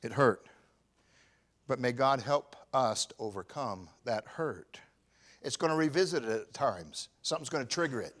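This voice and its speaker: A pastor in his fifties preaching a sermon, swinging from shouted emphasis to quiet, personal confession. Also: medium pitch, animated, a little slow. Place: church.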